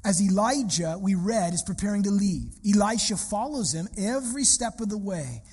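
A man preaching a sermon who tells personal stories in an animated, conversational way and often repeats his phrases. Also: very high voice, long reverb tail. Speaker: pastor.

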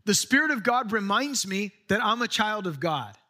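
A middle-aged man preaching a sermon as pastor, earnest, slowing down to read scripture and lifting his voice when he urges. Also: sing-song, bright, forceful tone. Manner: earnest preaching, slows for scripture, rises in pitch when urging.

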